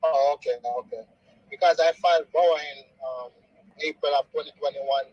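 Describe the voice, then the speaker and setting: A man's voice: on the high side, steady tone, moderate pace, darkish tone, no room sound, highs cut off. A man with a Jamaican accent calling in to ask a question, polite and plain-spoken. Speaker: caller. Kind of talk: casual call-in question.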